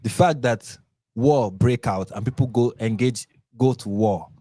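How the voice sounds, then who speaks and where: A man's voice: mid-range voice, measured pace, dark tone, dry recording. Sarcastic Nigerian man, dry close sound. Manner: sarcastic, mocking; rambling with restarts and repeats. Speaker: channel host. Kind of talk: live commentary reacting to posts.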